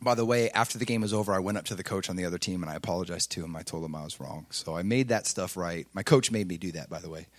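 A middle-aged man preaching, telling a personal story with swings between loud intensity and quiet confession. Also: low-pitched, fast, few pauses. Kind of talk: sermon storytelling.

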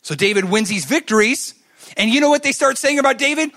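Animated male preacher, lively pitch. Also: fast. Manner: animated storytelling, swinging from loud to hushed. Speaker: pastor. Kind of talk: sermon.

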